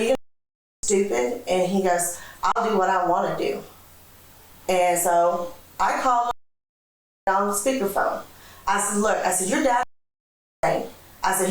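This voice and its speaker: A woman bluntly retelling events while being questioned by police. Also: medium pitch. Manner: blunt, vivid retelling with repeated "I said". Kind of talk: recorded interrogation, telling a story. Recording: echoey room from far off.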